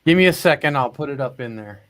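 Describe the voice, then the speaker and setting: Lively self-mocking man on a call. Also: medium pitch, fast. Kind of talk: casual video-call chat.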